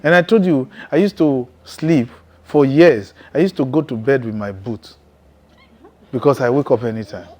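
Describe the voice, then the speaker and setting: A man preaching his testimony in a mid-range voice, neither high nor low. He talks with intense emphasis and punctuates his story with frequent chuckles. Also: normal speed, a little mellow. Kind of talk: testimony sermon.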